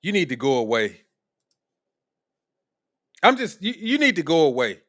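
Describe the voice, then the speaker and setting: A man's voice: a little high, sing-song, unhurried, a bit bright. A man hosting a live political commentary stream, talking in a blunt, profane, combative way. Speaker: streamer host.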